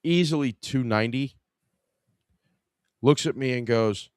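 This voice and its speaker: A man's voice: mid-range voice, a little slow, clean tone, no echo, studio quality. Profane, exasperated male storyteller. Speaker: podcast host. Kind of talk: casual storytelling.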